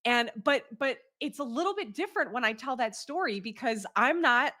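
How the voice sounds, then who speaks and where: A woman in her thirties, hosting a show and telling a candid personal story in a lively, casual way, laughing often and swearing freely. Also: fairly high pitch, normal speed. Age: 30s. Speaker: podcast host.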